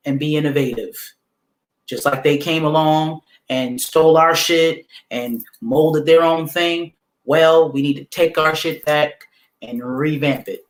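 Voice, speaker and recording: A man's voice: fairly high pitch, fairly bright tone. A man hosting a livestream, giving a motivational talk to his audience in casual slang, repeating affirmations with emphasis like a preacher. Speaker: livestream host.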